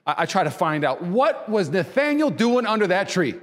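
A man preaching a sermon as pastor, conversational and animated, repeating phrases and voicing quoted people. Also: normal speed, big-room sound. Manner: voices quoted people with pitch jumps.

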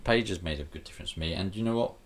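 A man co-hosting a podcast, giving blunt, animated opinions in casual chat. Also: sits low, rapid-fire, slight background noise. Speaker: podcast co-host.

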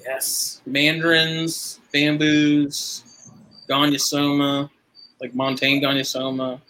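A man's voice: a little high, little pitch movement, pushed and bright, low-quality recording. A man from the United States hosting a casual podcast chat, joking and asking questions. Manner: quick, joking, asks leading questions. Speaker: podcast host.

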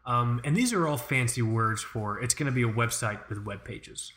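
A man's voice: medium pitch, moderate pace. A young man co-hosting a podcast, ranting in casual chat with lots of swearing. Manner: profane, ranting, animated. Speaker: podcast co-host.

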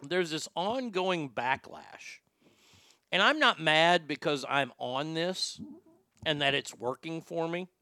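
Brief: male host, high bright voice, sarcastic and profane, dry close sound. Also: animated, slow, no echo. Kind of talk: ranting celebrity commentary.

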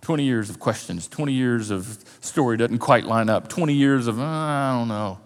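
A man preaching a sermon, telling a story with lively animation and acting out the characters' lines. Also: medium pitch, moderate pace, long reverb tail. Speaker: pastor. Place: church auditorium.

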